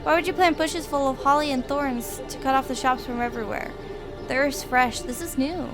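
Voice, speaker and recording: A woman's voice: high voice, normal speed, music in the background. A woman reading the lines of a curious, puzzled female companion in a gamebook. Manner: puzzled, questioning.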